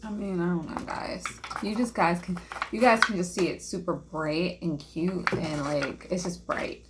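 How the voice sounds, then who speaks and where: A woman's voice: fairly low pitch, steady tone, measured pace, heavy background noise. A young woman chatting to viewers while she paints a craft, casual and self-deprecating. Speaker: vlogger. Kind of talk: casual craft vlog chat.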